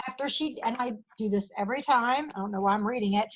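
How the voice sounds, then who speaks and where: Bright high-voiced woman leading sales training. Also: a little fast, few pauses, poor audio. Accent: Southern US. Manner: upbeat, role-plays customer chat with quoted lines. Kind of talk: training talk to a sales team.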